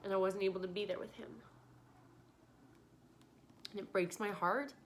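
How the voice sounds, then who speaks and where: A woman's voice: medium pitch, steady tone, normal speed, slight background noise. A woman hosting a podcast, tearful and earnest, giving a pleading motivational monologue. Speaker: podcast host.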